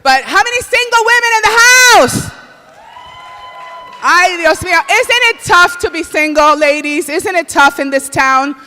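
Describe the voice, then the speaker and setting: A man's voice: very high-pitched, lively intonation, a little slow, pushed and bright, slight background noise. A man from the Republic, hosting a comedy show on stage and joking with the crowd in a flamboyant way. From Dominican Republic. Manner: flamboyant, exclaims in Spanish. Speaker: comedy awards host. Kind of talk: stand-up hosting. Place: comedy stage before a live audience.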